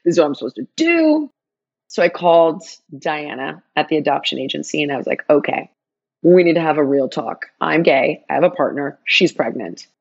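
A woman telling a personal story in an interview, animated, acting out quoted dialogue with big jumps in her voice. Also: low voice, normal speed, gravelly, slightly rough, dull audio.

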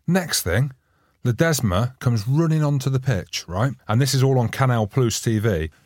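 A man, a former player co-hosting a podcast, chatting casually and telling lively stories. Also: mid-range voice, normal speed, no echo, clean studio sound. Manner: animated storyteller, mimics shouting coaches. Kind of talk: casual banter.

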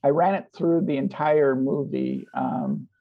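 A man's voice: medium pitch, wildly swooping pitch, unhurried, gravelly, dull audio. A man talking about his filmmaking in a casual interview, rambling with lots of fillers and restarts. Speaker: filmmaker guest.

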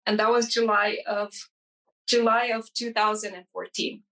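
A woman's voice: mid-range voice, rough recording. Earnest woman telling her story. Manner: earnest and halting, with frequent restarts and fillers; animated, acts out dialogue in quoted voices. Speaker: hairstylist guest. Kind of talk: emotional personal storytelling in an interview.

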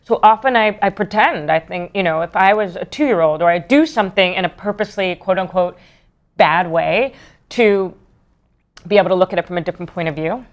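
Lowish-voiced woman telling a workshop story. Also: fairly quick. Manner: animated storyteller, laughs often. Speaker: author and workshop leader. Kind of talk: casual conversation.

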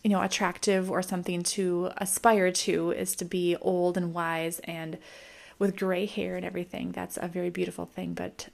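A woman's voice: fairly low pitch, vocal fry. A young woman, a mom vlogger, giving a thoughtful, musing film review in casual talk, with lots of ums and likes. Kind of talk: casual reflective monologue.

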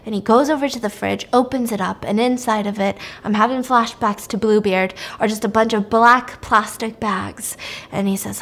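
A woman podcast host recapping a film plot in a casual, animated way, acting out the characters as she goes. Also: on the high side, normal speed, slight background noise.

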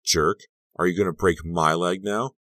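A man putting on an angry, sharp-tongued teenage girl, sneering and snappish. The voice is lifted a little above his extremely deep own, and the recording is dry and close. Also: brisk, no room sound. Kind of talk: audiobook narration.

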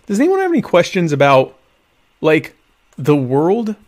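A man hosting a casual live stream, rambling and interrupting himself, with deadpan, mock-pompous humor. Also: on the high side, unhurried. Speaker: live show host.

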